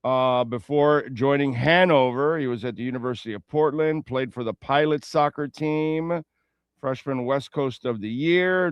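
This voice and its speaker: A man's voice: medium pitch, moderate pace, clear, resonant tone, no echo, muffled recording. A man hosting a sports radio show in a casual, rambling way, with playful asides and betting talk. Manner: reads sponsor ads and betting lines.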